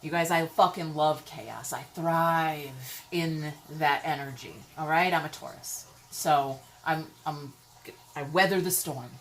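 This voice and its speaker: A woman giving a casual tarot reading, chatty and rambling, swearing freely, with sudden loud exclamations and frequent "okay?" check-ins. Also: deep voice, slow, a little hiss or hum, poor audio. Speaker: tarot reader.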